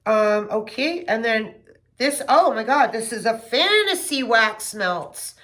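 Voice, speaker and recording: A middle-aged woman chatting casually and gushing with excitement as she unboxes gifts for her vlog. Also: fairly high pitch, takes it slowly. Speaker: home fragrance vlogger.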